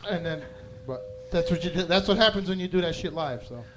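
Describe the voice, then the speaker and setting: Brief: man, high-pitched, rapid profane podcast host, teasing. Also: animated, poor audio. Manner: profane, teasing, quick-talking. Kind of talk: crude joking studio banter.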